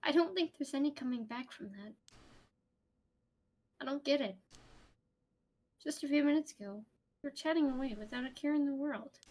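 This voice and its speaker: A woman reading aloud the lines of a shaken young man who is trying to stay calm, voicing him in earnest. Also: high voice, moderate pace, pauses often, natural voice. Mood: stunned. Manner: reads game text aloud, earnest and stunned.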